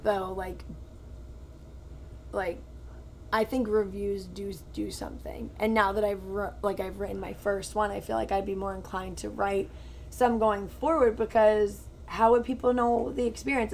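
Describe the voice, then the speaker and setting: A woman's voice: mid-range voice, fairly even intonation, normal speed, gravelly, a little hiss or hum. A woman in her twenties chatting casually as a podcast co-host, telling stories with lots of "like" fillers. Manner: chatty storytelling, full of "like" fillers. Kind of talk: casual chat.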